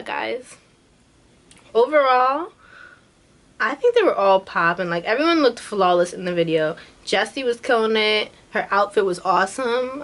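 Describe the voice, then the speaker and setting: A woman's voice: mid-range voice, a bit bright. A young woman in her twenties chatting casually in a reaction vlog, bubbly and full of slang, laughing often. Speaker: YouTube reaction vlogger.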